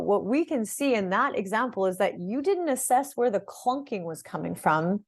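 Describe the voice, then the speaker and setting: A middle-aged woman coaching her viewers on fitness, speaking in a loose, conversational way. She restarts phrases and keeps checking in with "right?" and "okay?" as she explains. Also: on the high side. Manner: conversational, repeats words, asks "right?" and "okay?" often. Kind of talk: direct-to-camera program overview.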